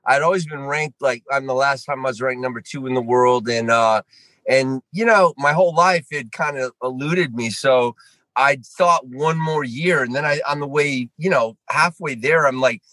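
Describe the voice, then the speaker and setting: A middle-aged man from Vermont telling stories as a guest on a casual chat show, animated and swearing freely, acting out what he said. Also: mid-range voice, moderate pace, dry recording, rough recording. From Vermont, USA. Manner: animated, swears freely, acts out his own lines. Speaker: guest actor.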